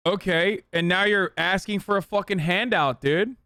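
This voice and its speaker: Profane, mocking male streamer, voice on the high side, dry close-miked sound. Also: normal speed, sharp tone, no room sound. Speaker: political commentator streamer reacting to a clip. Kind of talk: heated live-stream commentary.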